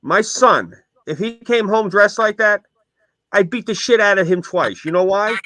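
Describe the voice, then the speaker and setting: A man putting on the voice of his short, stern old-school uncle, lecturing forcefully. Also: fairly high pitch, very animated, fast talker, no room sound.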